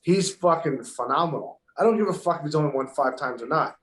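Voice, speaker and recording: Man, slightly high voice, swearing constantly, emphatic storyteller, roomy echo. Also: lively intonation, fairly quick, a bit bright. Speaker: pro golfer guest. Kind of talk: casual podcast chat. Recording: echoey room.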